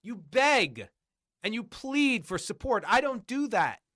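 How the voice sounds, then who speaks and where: Guy ranting on his stream, sharp tense voice, keeps hammering the same questions, swears a lot. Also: very high-pitched, sing-song, slow. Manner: combative, repetitive, profane, hammering rhetorical questions. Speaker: livestreamer. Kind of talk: angry livestream rant.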